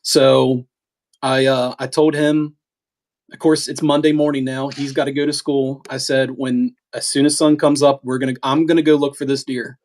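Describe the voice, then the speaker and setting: A middle-aged man telling a story in a casual, animated way, halting with restarts and acting out what was said. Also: mid-range voice. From eastern United States. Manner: animated, halting with restarts, acts out quoted talk. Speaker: podcast co-host telling a hunting story.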